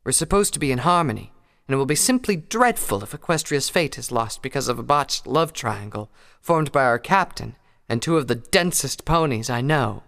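A man's voice: mid-range voice, expressive, moderate pace, creaky, a bit bright, pitched above the performer's own voice. A man voicing a refined, fussy female pony who talks in a genteel, dramatic way, read as a storybook. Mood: fretful. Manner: genteel, prim, dramatic phrasing. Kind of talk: fan fiction audiobook reading. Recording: long hall reverb.

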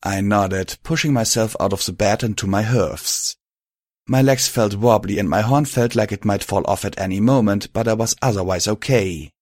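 A man reading fan fiction aloud as an audiobook narrator in a steady storytelling manner. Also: lowish voice, normal speed, no room sound, clean studio sound.

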